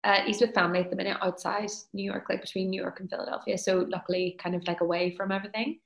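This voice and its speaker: A woman's voice: mid-range voice, flat delivery, rapid-fire, gravelly. A woman, an actor, chatting easily in an interview and laughing often. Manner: easygoing, laughs often, self-deprecating. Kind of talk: casual interview chat. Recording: roomy echo.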